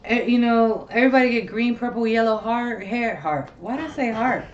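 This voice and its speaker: A woman's voice: a little high, normal speed, muffled recording, slight background noise. A woman hosting a casual talk show, chatting bluntly and animatedly with plenty of profanity. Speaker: host. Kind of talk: casual chat.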